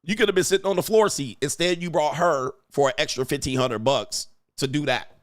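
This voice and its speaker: A man hosting a show, giving loud, crude, mocking commentary on video clips and laughing often. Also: on the high side, a little fast, no echo, clean studio sound. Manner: brash and mocking, laughs often, mimics voices. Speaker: host.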